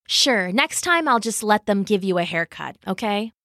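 A woman's voice: mid-range voice, lively intonation, normal speed, a bit bright, dry recording, clean studio sound. A woman voicing a scrappy, agile halfling who talks back in a snappy, sarcastic way.

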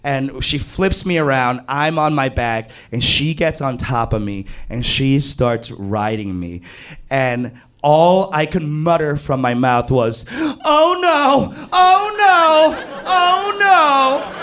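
A man telling a comic true story to an audience, animated and self-mocking, leaping high in pitch on exclamations. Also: takes it slowly, clear, resonant tone.

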